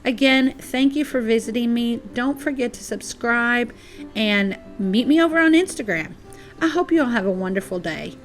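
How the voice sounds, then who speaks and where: A woman's voice: fairly high pitch, lively intonation, normal speed. A woman hosting a casual craft tutorial, chatty and apologetic and a little out of breath. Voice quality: chatty, apologetic, uses y'all. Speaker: DIY crafts channel host. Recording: soft music behind.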